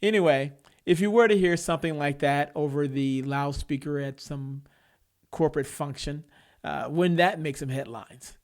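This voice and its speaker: Male solo podcast host with a slightly high voice, conversational and opinionated. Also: moderate pace, darkish tone. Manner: conversational, opinionated, chuckles between points.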